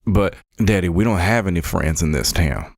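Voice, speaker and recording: A man playing a smooth-talking young rogue. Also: deep voice, normal speed, no room sound, studio quality. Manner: put-on drawling accent. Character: young charming male rogue, polite and smooth. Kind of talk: tabletop role-play.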